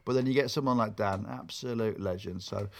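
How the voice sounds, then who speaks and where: A man's voice: on the low side, a little fast, creaky, a little mellow. A young man telling stories in a rambling, casual podcast chat, restarting his sentences often. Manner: rambling storytelling with restarts and laughs. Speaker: podcast co-host.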